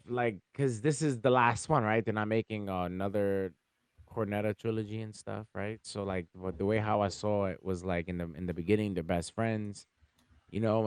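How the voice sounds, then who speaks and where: A man's voice: fairly low pitch, moderate pace, no echo, clean studio sound. A man chatting casually about a movie in an easygoing way, full of fillers and restarts.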